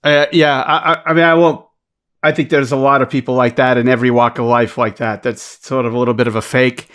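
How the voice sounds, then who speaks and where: Fast-talking Boston man, podcast guest, cursing and joking, mid-pitched. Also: little pitch movement, a bit bright, smooth. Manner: fast, profane, joking, repeats words when starting. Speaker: podcast guest, basketball coach. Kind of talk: casual podcast chat.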